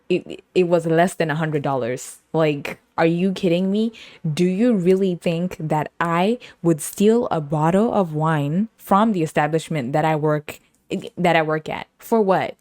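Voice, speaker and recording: A young woman with a low voice, telling a story in a casual, rambling way, full of slang and quick laughs. The sound is dry and close. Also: a little mellow, no echo. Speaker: podcast host.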